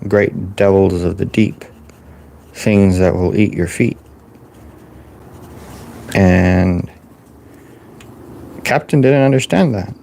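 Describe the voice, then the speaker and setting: A man telling a rambling, deadpan tall tale with many halts and restarts. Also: fairly low pitch, vocal fry, a little hiss or hum. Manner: halting, full of restarts and fillers. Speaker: storyteller drawing on camera.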